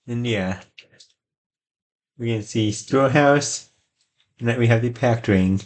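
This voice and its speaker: A man talks through a video game he is playing in a low-key, unhurried way. His pitch sits in the middle, and the tone stays casual. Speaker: gameplay channel host. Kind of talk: casual gameplay commentary.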